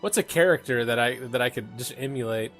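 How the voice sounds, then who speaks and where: A man's voice: medium pitch, fairly quick, a bit bright, faint music behind. A young man running a tabletop game as game master, narrating casually with many fillers and laughs.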